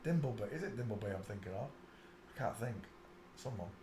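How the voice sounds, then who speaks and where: A man's voice: animated, brisk, dark tone, a little hiss or hum. Man rambling in a roomy room. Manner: rambling, mutters asides to himself; breaks into high shrieking laughter. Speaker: live stream host. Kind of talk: live stream commentary.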